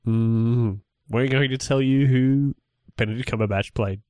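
Man, podcast co-host, casual movie chat, halting restarts, dry close sound. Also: medium pitch, steady tone, darkish tone, clear, resonant tone, no room sound. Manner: rambling, halting with many restarts and fillers.

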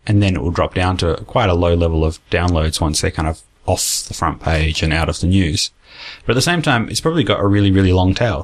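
A man with a South Australian accent hosting a casual podcast chat. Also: deep voice. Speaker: podcast host.

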